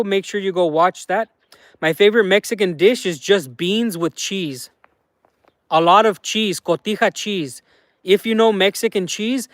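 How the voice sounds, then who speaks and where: A man hosting a casual livestream, talking in a relaxed, rambling way with many fillers. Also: high-pitched, no echo. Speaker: livestream host.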